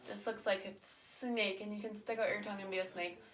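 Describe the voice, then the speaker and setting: A woman's voice: medium pitch, little pitch movement, a little fast, fairly bright tone, a little hiss or hum. A young woman guiding children through a yoga lesson, playful and encouraging, talking simply to kids. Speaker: kids' yoga teacher. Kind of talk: guided kids' yoga lesson.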